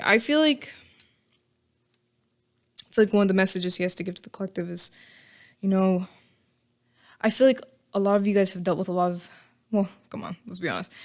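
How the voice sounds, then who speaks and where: A woman giving a casual tarot reading to camera, chatty and thinking aloud, often laughing at herself. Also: lowish voice. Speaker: tarot reader.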